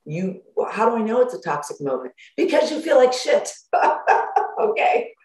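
A woman hosting a motivational self-help talk as a life coach. She speaks in an animated way, acts out worried inner thoughts and laughs often, through a computer microphone. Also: on the high side, moderate pace. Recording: roomy echo.

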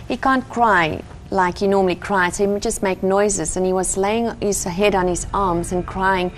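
A woman's voice: medium pitch, fairly even intonation, moderate pace, a little hiss or hum. A middle-aged woman from Africa, earnestly telling her personal faith story as an interview guest. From South Africa. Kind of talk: personal testimony in conversation.

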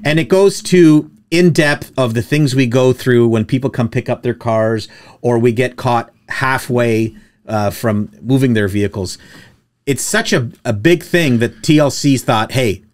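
A man's voice: medium pitch, a little slow, darkish tone. A man hosting a casual podcast about towing, telling stories and acting out what others said in raised voices. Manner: storytelling, jokey, acts out quotes in raised voices. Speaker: podcast host, tow truck operator. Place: studio with producer present.

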